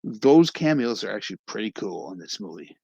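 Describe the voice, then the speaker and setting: A man's voice: fairly low pitch, very animated, a little fast, vocal fry, warm tone, slightly rough, no room sound, muffled recording. Rambling young man recapping a movie. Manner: rambling, acts out scenes with quoted lines. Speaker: movie review host.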